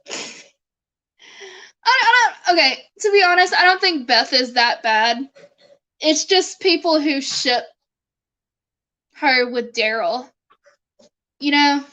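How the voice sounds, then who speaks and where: A woman's voice: sits high, lively intonation, takes it slowly, long pauses, pushed and bright, poor audio. A young woman streaming live, chatting casually with her viewers and her dog and laughing often.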